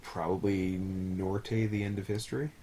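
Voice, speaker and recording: A man's voice: low voice, level tone, moderate pace, dark tone. A man co-hosting a podcast, chatting casually with a joking, irreverent manner and frequent laughs. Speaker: podcast co-host. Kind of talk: casual chat.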